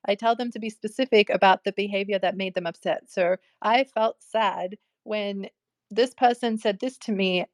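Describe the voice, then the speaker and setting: A woman's voice: medium pitch, no room sound. A young woman talking casually about relationships, chatty, with many fillers and frequent laughs. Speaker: host. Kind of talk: casual advice talk.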